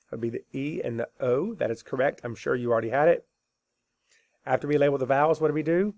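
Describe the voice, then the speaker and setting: Slow, gravelly-voiced male teacher dictating spelling. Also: medium pitch, a little mellow, dry recording. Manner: slow, deliberate letter-by-letter dictation; patient, asks and answers his own questions. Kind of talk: spelling lesson.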